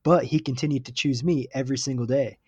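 A man's voice: medium pitch, fairly even intonation, fast, darkish tone, breathy edge, dry recording. A man hosting an interview, asking questions and sharing his faith in a casual way with filler words. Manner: casual, uses fillers like "you know" and "like".

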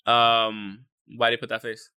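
A man chatting casually on a podcast about fights, rambling and swearing freely, with plenty of filler words. His voice is very bright and forceful, and the recording is dry and close. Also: mid-range voice, monotone, a little slow, smooth, dry recording. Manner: loose, profane, rambling with many fillers. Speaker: podcast co-host. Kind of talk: casual sports chat.

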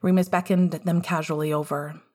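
Woman reading fan fic out loud, low husky voice, expressive. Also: moderate pace. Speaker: narrator. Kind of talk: fan fiction audiobook reading.

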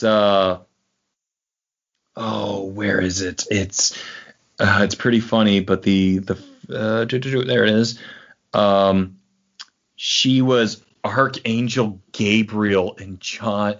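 A man's voice: lowish voice, steady tone, slow, muffled recording. A man in casual chat about movies, rambling and enthusiastic.

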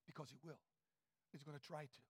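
A male preacher giving a fervent sermon in a church, swinging from shouts to near whispers. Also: fairly high pitch, steady tone, fairly quick, husky.

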